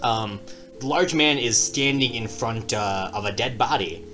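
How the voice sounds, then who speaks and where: A man's voice: mid-range voice, unhurried, sharp tone, soft background music. A man co-hosting a tabletop game podcast, telling stories in loose casual chat, laughing often and swearing freely. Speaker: podcast co-host and game master.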